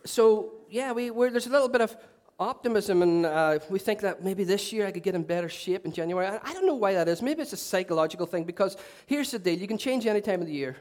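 Brief: male pastor, higher-pitched voice, loose joking sermon style. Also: animated, fast talker, hardly any pauses, a little mellow. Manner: chatty, self-mocking humour with asides. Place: church. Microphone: handheld mic.

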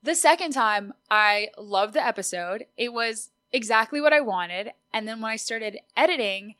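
A woman's voice: a little high, expressive, normal speed, bright, forceful tone, no echo, clean studio sound. A woman, whose was Spanish, hosting her own podcast in a bubbly, chatty, upbeat way. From Austin, Texas. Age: 20s. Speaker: podcast host. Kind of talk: solo podcast monologue.

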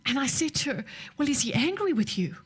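A woman preaching a sermon, telling a story and dropping to soft near-whispers at tender moments. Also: sits high, sing-song, a little fast.

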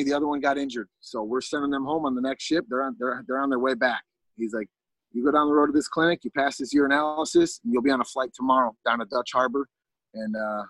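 Man, gravelly voice, casual storytelling, rambling, fillers and restarts, dry room. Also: mid-range voice, a bit bright, no room sound, low-quality recording. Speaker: podcast guest.

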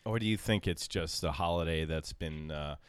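A man's voice: extremely low pitch, smooth, dry recording. A man hosting a podcast in casual chat, joking and teasing his co-hosts. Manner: joking, teasing, drawn-out announcer delivery. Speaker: podcast host.

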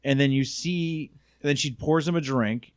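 A man's voice: mid-range voice, unhurried, clean tone, no echo. Dry-sounding man casually recapping a movie. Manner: laid-back storytelling, acts out characters' lines. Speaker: podcast co-host.

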